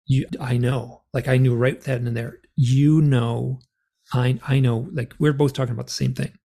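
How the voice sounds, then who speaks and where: Middle-aged man, gravelly and husky, a rambling animated storyteller. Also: mid-range voice, moderate pace. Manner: rambling, animated, lots of fillers. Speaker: guest author and experiencer. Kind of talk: storytelling in an interview.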